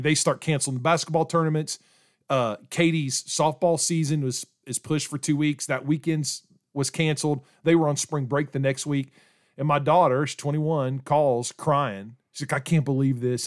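A man's voice: on the high side, moderate pace. A man in his forties on church staff, hosting a casual podcast chat, rambling with many restarts.

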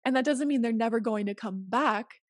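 A woman's voice: a little high, brisk, no room sound, studio quality. A woman speaking as an interview guest, earnest and emphatic as she gives advice in casual conversation. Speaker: podcast guest.

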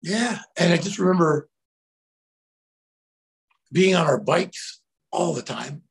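A middle-aged man, a guest telling anecdotes in a casual, animated way, bursting into shouted quotes. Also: on the high side, takes it slowly, gravelly. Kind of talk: casual storytelling.

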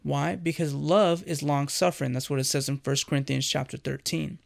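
A man's voice: fairly high pitch, steady tone, normal speed, vocal fry. A man giving an earnest, conversational sermon as a devotional host, speaking directly to the listener.

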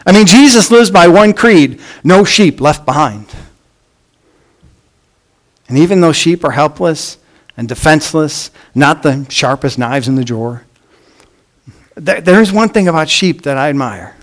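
A pastor delivering a sermon, swinging between emphatic lines and hushed ones, and reading scripture aloud with emphasis. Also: male voice, a little high, animated, a little slow, long pauses.

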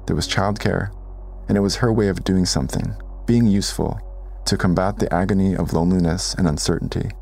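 A man giving calm, measured scripted narration for a documentary story. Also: sits low, gravelly.

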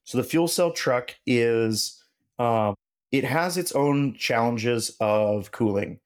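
A man, a podcast guest and machinist, telling stories in casual conversation and acting out quoted dialogue with lively shifts in his voice. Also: medium pitch, takes it slowly. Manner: animated, acts out quoted dialogue. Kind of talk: casual storytelling interview.

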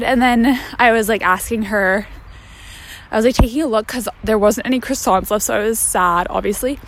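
This young Canadian woman is a vlogger giving a casual update, rambling along with lots of fillers and slangy asides. Her voice is on the high side and she talks a little fast.

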